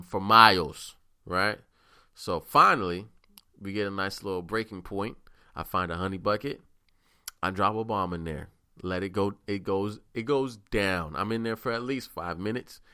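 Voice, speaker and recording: A man's voice: fairly low pitch, bright, forceful tone, clean tone, no echo, clean studio sound. A man hosting a podcast, telling stories in a rambling, profane, casual monologue. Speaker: podcast host.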